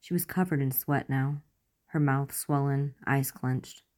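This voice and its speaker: A woman narrating romance fan fiction aloud in a measured, soft storytelling manner. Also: very deep voice, steady tone.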